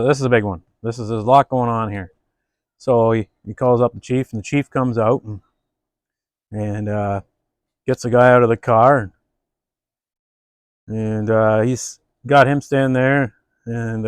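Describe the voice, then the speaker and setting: A man hosting a casual beer review and telling a joke, relaxed and halting, with many fillers. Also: mid-range voice, clear, resonant tone, no room sound, clean studio sound. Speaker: host.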